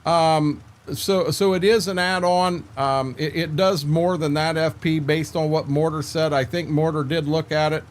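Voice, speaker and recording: A man's voice: on the high side, steady tone, a little slow, hardly any pauses. An older man chatting casually with viewers while streaming a farming game, laid-back and rambling, repeating words and filling gaps with "uh".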